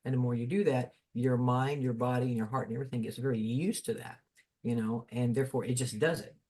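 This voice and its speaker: A man's voice: medium pitch, steady tone, fast, dark tone. A man speaking in a casual fireside chat as a spiritual guest, telling stories in a folksy, rambling way.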